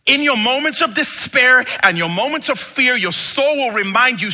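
A man's voice: very high voice, expressive, normal speed, few pauses, bright, forceful tone. A male preacher giving an emphatic sermon, full of rhetorical questions and playful asides.

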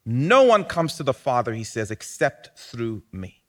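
A man delivering a sermon in a medium-pitched voice that swings widely up and down. He preaches with animation, rising to loud, emphatic peaks before dropping back to quieter, lower passages. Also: big pitch swings, normal speed, few pauses. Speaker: pastor.

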